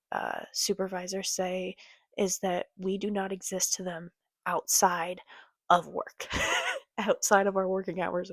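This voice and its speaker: A young woman talking casually to her camera late at night, halting with many ums and sighs. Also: fairly low pitch, gravelly, slightly rough, dry recording. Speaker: vlogger. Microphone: computer or phone camera.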